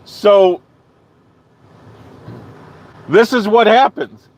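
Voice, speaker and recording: A man holding forth on his live stream, spinning a long, rambling tale and playing every line of dialogue himself. His voice sits a little on the high side, and he keeps the telling loose and chatty. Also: drawn-out words. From not from the American South. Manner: rambling, animated storyteller acting out his own quotes. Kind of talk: casual storytelling to live chat.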